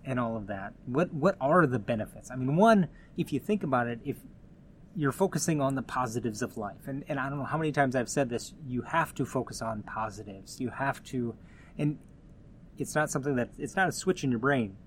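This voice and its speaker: A man talks through his solo podcast in a loose, conversational way. He rambles, restarts his sentences and drops in asides as he goes, at a middle pitch for a man. A faint hum sits under his voice. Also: expressive, brisk. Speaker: podcast host. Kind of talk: casual solo podcast talk.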